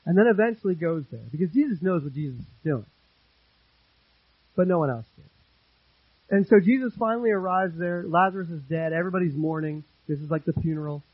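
A male pastor with a high, husky voice delivers an earnest sermon, hammering home repeated phrases and dropping from loud to hushed. The sound is dry and a bit muffled, with little room around it. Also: a little fast, no echo.

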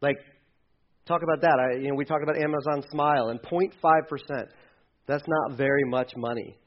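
A fairly high-voiced man preaching a lively sermon, playing out little quoted voices as he goes and dropping from loud to hushed. The sound is dull and lo-fi. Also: moderate pace. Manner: animated, acts out quoted voices, swings loud and quiet. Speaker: pastor.

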